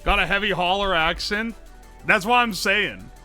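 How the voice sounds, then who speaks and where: A man's voice: sits high, moderate pace, faint music behind. A man with an Appalachian accent chatting on a live stream, joking around and answering his chat's messages aloud. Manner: joking, animated, reads chat messages aloud and answers them. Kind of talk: casual live-stream chat.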